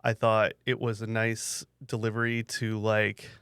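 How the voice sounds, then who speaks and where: A man co-hosts a casual podcast chat, his voice smooth and resonant and close to a dry microphone. He lays out his thoughts in a measured, articulate way. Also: on the low side, monotone, a bit bright, dry recording. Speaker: podcast co-host.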